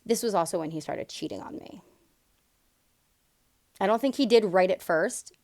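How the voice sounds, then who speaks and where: A woman's voice: mid-range voice, moderate pace, creaky, darkish tone, dry recording. Candid woman telling her own story, dry sound. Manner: emphatic and candid, many likes and asides. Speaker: vlogger sharing a personal story. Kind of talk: casual personal storytelling.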